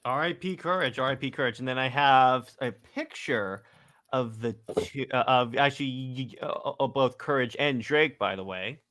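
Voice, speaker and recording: A man hosting a casual podcast chat, brisk and teasing, often stumbling into restarts. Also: medium pitch, fairly bright tone. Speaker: host.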